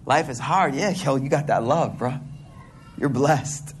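A man's voice: mid-range voice, unhurried, a little hiss or hum. A man preaching a sermon to a congregation in a hall, talking in a casual, slangy way with playful asides.

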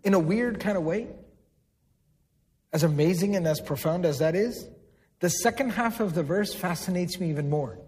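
A man's voice: sits high, moderate pace, long pauses, a little mellow. A man giving a sermon, explaining terms, repeating words for emphasis and putting questions to the audience. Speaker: Islamic preacher. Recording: long hall reverb.

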